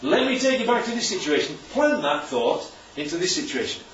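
A man's voice: high-pitched, big pitch swings, a little fast, few pauses, a little hiss or hum. A man leading an interactive sermon as a preacher, checking in with his listeners after nearly every point. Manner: constantly checks in with "right?". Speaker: preacher leading a Bible study. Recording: echoey room, distant dull mic.

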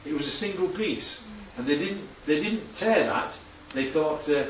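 A man's voice: on the high side, expressive, unhurried. A man giving an informal Bible teaching talk, chatty and full of tag questions. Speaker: preacher teaching from slides. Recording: echoey room, distant dull mic, faint hum.

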